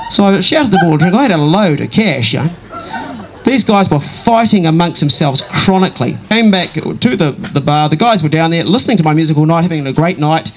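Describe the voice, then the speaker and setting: A man telling a comic story from his own life to a live audience, conversational with dramatic pauses and wry asides. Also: a little high, expressive, a little hiss or hum, poor audio. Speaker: comedic storyteller.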